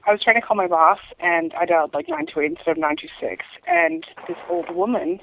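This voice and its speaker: A woman's voice: fairly high pitch, sing-song, fairly quick, vocal fry, slight background noise. A tired young woman calling in to a radio show, rambling through a story with lots of fillers. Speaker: caller. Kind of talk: telling a story on a call-in show. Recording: dry, tinny phone line.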